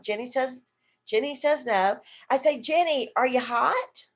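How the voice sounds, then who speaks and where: Higher-voiced woman teaching by demonstration. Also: a little slow. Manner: demonstrative, acts out example questions to a partner; explanatory, asks and answers her own questions. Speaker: dementia educator and nurse. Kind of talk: online seminar teaching. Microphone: video call.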